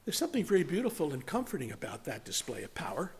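A man with a rather high voice preaches a sermon as pastor. He swings between forceful emphasis and soft, almost whispered words. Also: huge pitch swings, fast talker, husky. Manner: dramatic shifts from loud to hushed, near-whispered words.

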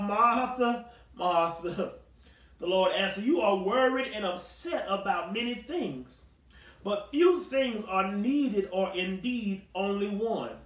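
A male pastor preaching a Bible study. He talks conversationally, acts out the people in the story with sass and humor, and rises to shouting. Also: high voice, echoey room, recorded from a distance, low-quality recording.

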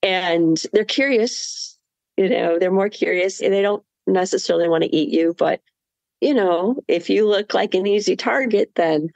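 A woman guest in an interview, telling a vivid story with laughter and animated asides. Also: medium pitch, normal speed, gravelly, dry recording. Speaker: marathon swimmer guest.

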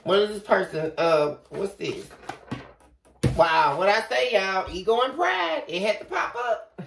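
Woman tarot reader, lively pitch, casual and salty, echoey room, set back from the mic, faint hiss. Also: measured pace, creaky, distant mic. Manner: animated, talks to the viewer, swears freely.

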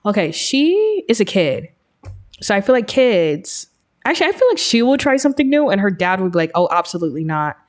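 A woman's voice: fairly high pitch, a little fast. Chatty woman narrating her game. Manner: chatty, excitable, storytelling. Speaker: let's-play host. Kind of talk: casual gameplay commentary.

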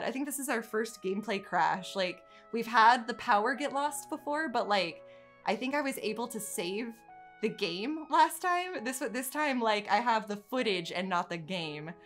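A woman's voice: mid-range voice, normal speed, soft background music. Chatty woman narrating her game. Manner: chatty, reacts loudly, swings from calm narration to panicked dismay. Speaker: gaming channel host. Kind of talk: casual let's-play commentary.

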